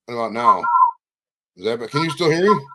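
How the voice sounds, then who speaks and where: Bright-voiced casual male podcast host. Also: medium pitch, expressive, brisk, poor audio. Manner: casual, profane, flustered by audio trouble. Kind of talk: live-streamed interview. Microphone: streaming setup with computer mic.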